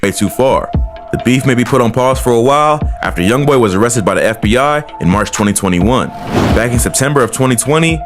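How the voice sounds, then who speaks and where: A man's voice: mid-range voice, lively intonation, a little fast, music in the background. A man reading a scripted documentary narration in a matter-of-fact way.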